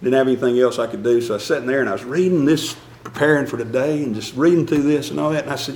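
Folksy preacher in an echoey church. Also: male voice, medium pitch, animated, fast. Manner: folksy, self-deprecating, chuckles often. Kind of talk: conversational sermon.

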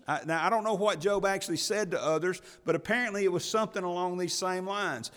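Folksy preacher in a reverberant hall. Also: male voice, sits high, fast talker, hardly any pauses. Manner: folksy, laughs often, repeats words when excited. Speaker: pastor. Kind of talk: sermon.

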